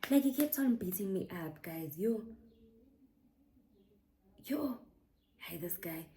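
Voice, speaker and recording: A woman's voice: mid-range voice, slow pace, slight background noise. South African woman telling a storytime. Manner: animated, mixing Zulu slang into English. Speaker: YouTuber. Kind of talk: storytime vlog.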